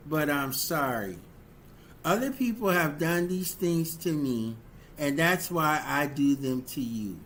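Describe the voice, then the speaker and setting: A man giving a livestreamed motivational talk on relationships, slow and deliberate, repeating key phrases for emphasis and asking rhetorical questions. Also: on the high side, a bit bright, slight background noise. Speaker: relationship speaker.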